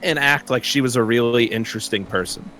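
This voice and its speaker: A man's voice: medium pitch, a little fast. A young man telling a long personal story in casual chat, rambling with many fillers and frequent laughs.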